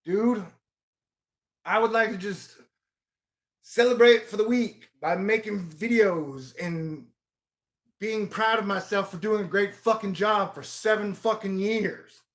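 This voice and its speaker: Male vlogger, high voice, profane rambling monologue with loud outbursts. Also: slow. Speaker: video blogger.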